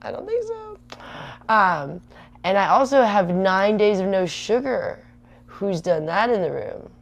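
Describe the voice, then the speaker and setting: A woman's voice: mid-range voice, animated, measured pace, creaky. A woman in her thirties hosting a livestream, rambling chattily and answering viewer comments. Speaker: livestream host. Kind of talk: casual rambling livestream chat.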